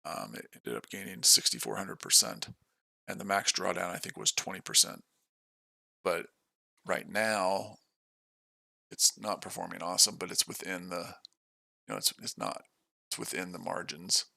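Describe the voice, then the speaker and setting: Gravelly, forceful man trading live. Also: low-pitched, big pitch swings, moderate pace, pauses often, no room sound. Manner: matter-of-fact, casual. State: tired from no sleep. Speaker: day trader and stream host. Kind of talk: live trading stream commentary.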